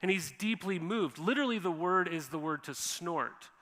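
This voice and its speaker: A man preaching in a church, his bright and forceful voice sitting a little high for a man. He talks casually and animatedly, slipping into quoted voices. A long reverb from the hall trails behind his words. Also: animated, moderate pace. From Montana. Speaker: pastor. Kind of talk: sermon. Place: church sanctuary.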